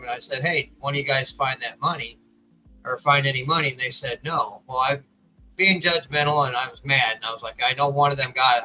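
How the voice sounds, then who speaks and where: A man's voice: mid-range voice, pushed and bright, highs cut off. A middle-aged man, a podcast co-host, telling a personal story in a candid, rambling way with lots of fillers. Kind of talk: casual storytelling.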